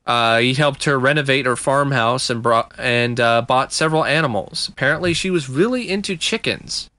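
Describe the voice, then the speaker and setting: A man's voice: mid-range voice, normal speed, sharp tone, dry recording. A man co-hosting a casual true-crime podcast, recounting a case in a laid-back way with fillers and chuckles. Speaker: podcast co-host.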